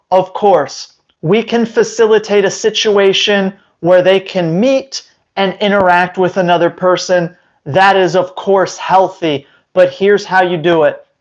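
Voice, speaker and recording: A man giving blunt, emphatic dog-training advice straight to the viewer. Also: high voice. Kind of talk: instructional talk to camera. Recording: slightly dull lo-fi sound.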